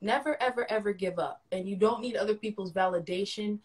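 A young woman co-hosting a casual phone livestream, telling a personal story in an animated way with big swings in loudness. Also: mid-range voice, brisk. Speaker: livestream co-host.

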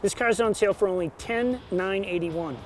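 A man's voice: high-pitched, moderate pace, slight background noise. A man co-hosting a local TV car-sales show, upbeat, listing features and urging viewers to hurry in. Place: car dealership lot.

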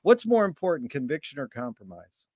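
A man with a somewhat raised pitch hosts a relaxed interview, cheering on answers with casual praise. His delivery is eager and affirming. The recording is dry and close. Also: a little fast, dry recording. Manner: enthusiastic, affirming, casual slang. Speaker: interview host. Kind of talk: casual conversation.

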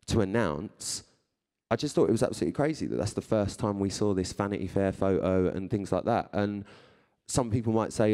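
A man's voice: fairly low pitch, mellow. A man in his thirties, a presenter, talking live to an audience in a chatty, playful way and laughing often. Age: 30s. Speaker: radio and TV presenter. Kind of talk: live talk to an audience, reading tweets aloud. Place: live event before an audience.

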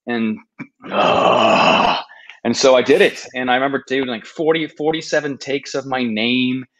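A man's voice: mid-range voice, fairly even intonation, brisk, lo-fi sound. A man in his thirties, a podcast guest telling his story in an earnest, self-deprecating way, often restarting his sentences. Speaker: podcast guest, travel video maker. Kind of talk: casual storytelling interview. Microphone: podcast microphone.

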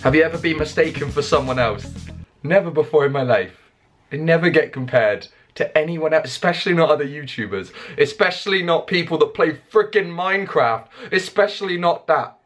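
A man's voice: a little high, a bit bright. A young man with an English accent, chatting casually on camera at home. He rambles and restarts often, cracking jokes at his own expense. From England. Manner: jokey, rambling, self-mocking, with quick restarts. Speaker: YouTuber and songwriter. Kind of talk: casual Q&A vlog.

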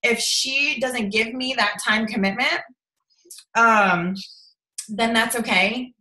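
A woman's voice: fairly high pitch, takes it slowly, sharp tone, low-quality recording. A woman giving casual coaching to a sales team over a livestream, chatty and bubbly, often checking in with "okay?".

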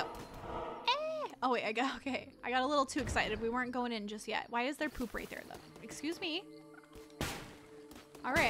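A woman host giving chatty, excitable gameplay commentary to her viewers. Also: sits high. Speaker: gaming channel host. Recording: game music behind voice. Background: game music.

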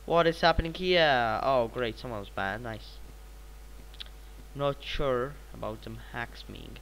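A teenage boy, a little sick, commenting on his own gameplay with a bright, crisp tone at an ordinary pitch. He rambles and jumps into excited repeated exclamations. Faint hiss and clicks sit under the voice. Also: takes it slowly, rough recording. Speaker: gaming channel host.

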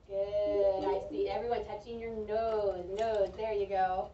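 A woman teaching a reading lesson to a young class, speaking slowly and clearly and praising the children's answers. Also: medium pitch, little pitch movement, warm tone. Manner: slow, clear, encouraging teacher talk with drawn-out words. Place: school classroom. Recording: echoey, distant, dull classroom recording.

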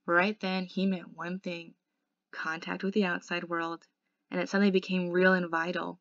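A woman tutor reading a novel aloud in steady first-person narration. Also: fairly low pitch, normal speed, no room sound, lo-fi sound.

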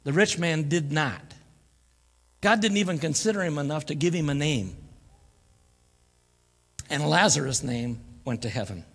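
A man's voice: fairly high pitch, expressive, a little slow, pauses often, husky. A man preaching a folksy guest sermon in a church, mixing jokes and laughter with scripture. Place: church sanctuary. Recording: church live stream with long hall reverb.

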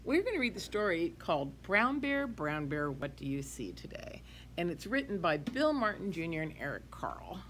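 A woman preschool teacher reading a picture book aloud to young children, in an animated sing-song way with hushed whispered asides. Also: medium pitch, normal speed, few pauses, a little hiss or hum.

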